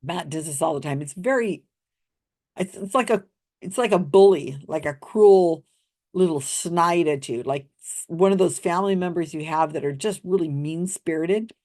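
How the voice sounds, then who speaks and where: A woman telling a story in a casual commentary, wry and lively, often acting out the lines of the people she describes. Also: on the low side, normal speed. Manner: animated retelling, acts out quoted lines. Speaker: skeptical commentator on psychics.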